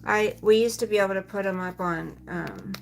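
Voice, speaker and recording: A creaky, mid-range voice at a moderate pace, recorded poorly with a bit of hiss or hum. The speaker is a mom vlogger in her forties, casually rambling on a livestream, talking right to "you guys" and replying to their comments.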